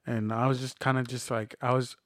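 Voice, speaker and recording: A man's voice: mid-range voice, level tone, brisk, no room sound, studio quality. A man in his thirties co-hosting a casual faith talk, speaking earnestly and reflectively, often acting out what others said to him. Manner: reflective, earnest, retells conversations in quoted voices. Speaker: podcast co-host.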